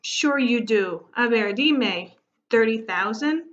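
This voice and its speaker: A woman's voice: on the high side, animated, slow pace. A woman reading the part of an elderly grandfather who coaxes and pleads, mixing in Spanish phrases, in a storybook read-aloud. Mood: coaxing. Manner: coaxing, slips in Spanish phrases. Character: elderly Mexican-American grandfather, hopeful and pleading. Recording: muffled lo-fi recording.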